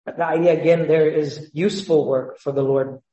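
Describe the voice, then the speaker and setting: A man's voice: on the high side, fairly even intonation, normal speed, warm tone, reverberant, lo-fi sound. A man, a pastor, preaching a sermon with emphatic rhetorical questions.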